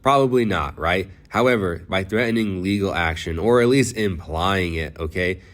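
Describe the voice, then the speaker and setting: Low-voiced man mocking sarcastically. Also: normal speed. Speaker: commentary YouTuber. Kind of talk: reaction commentary.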